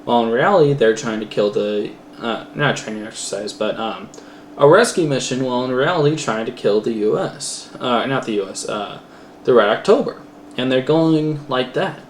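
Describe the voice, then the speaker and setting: For a class, a man casually reviews a film aloud, rambling with lots of fillers and self-corrections. He speaks at normal speed in a medium pitch with lively intonation, and the recording has a roomy echo and faint background noise.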